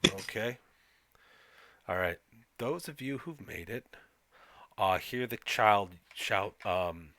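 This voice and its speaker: A male game master narrates a tabletop session in a low voice with a bright, forceful tone. He often hesitates and fills gaps with "um" and "uh." The recording is close and dry. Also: animated, takes it slowly, pauses often, no room sound. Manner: hesitant, many fillers, reads aloud.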